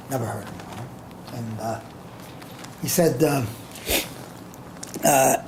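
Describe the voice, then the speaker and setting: An older man in boxing promotion tells a rambling story in an interview, tagging his points with "all right?" His voice sits in a middle register with a gravelly fry, over a faint background hiss. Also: medium pitch, unhurried, pauses often.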